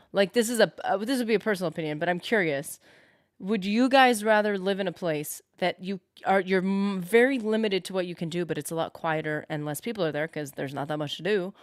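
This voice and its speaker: A woman with a mid-range voice live-streams a game, chatting casually and thinking aloud as she responds to her viewers. The recording has no echo.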